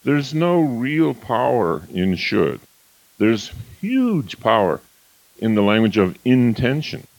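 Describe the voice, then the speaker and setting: A man's voice: mid-range voice, very animated, slow, a little mellow, no echo, dull audio. A man giving a motivational lecture, acting out quoted phrases in contrasting tones. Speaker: motivational speaker.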